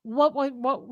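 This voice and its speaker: A woman's voice: on the high side, husky, no room sound, clean studio sound. A woman co-hosting a casual livestream chat, playful and laughing, reading out viewer comments. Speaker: co-host.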